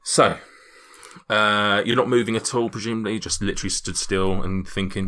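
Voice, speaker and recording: A man with a deep, forceful voice runs a tabletop game as its game master. He narrates loosely and hesitantly, stopping often to restart a phrase. The sound is bright and a little tense. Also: moderate pace. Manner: relaxed, hesitant, with many ums and restarts.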